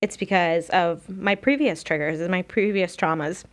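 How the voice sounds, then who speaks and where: A woman's voice: on the low side, steady tone, moderate pace. Candid young woman musing aloud. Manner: candid, rambling, with many fillers and restarts. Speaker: podcast host. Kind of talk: personal reflective monologue.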